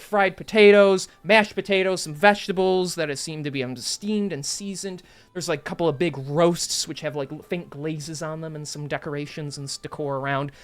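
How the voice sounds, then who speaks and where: A man's voice: fairly high pitch, clear, resonant tone. A man narrating as dungeon master in a casual tabletop session, loose and full of fillers. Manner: loose, filler-heavy narration with self-corrections.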